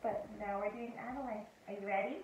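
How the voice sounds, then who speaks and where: A woman guiding a child through a sing-song syllable-clapping rhyme, slow and encouraging, step by step. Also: medium pitch, fairly even intonation. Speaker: parent modeling a classroom activity. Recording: echoey room, dull lo-fi with noise.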